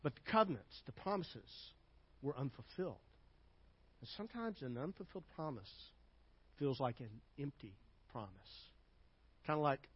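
An older man preaching a sermon as pastor, emphatic and building to loud repeated phrases, then dropping to quiet asides. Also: a little high, animated, moderate pace, long pauses, slightly rough, highs cut off.

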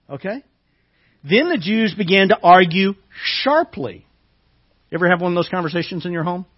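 High-voiced pastor preaching with emphasis. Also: male voice, breathy edge, muffled recording. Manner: reads scripture aloud with rising emphasis, asides to congregation. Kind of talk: sermon.

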